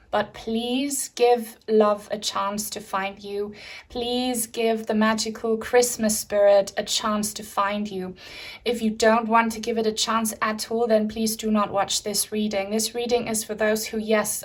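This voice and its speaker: A young woman speaks to her viewers during a spiritual tarot reading, unhurried and calm. Her voice is soft and soothing, and she keeps reassuring them gently. She sounds a little out of breath. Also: medium pitch. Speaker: tarot reader.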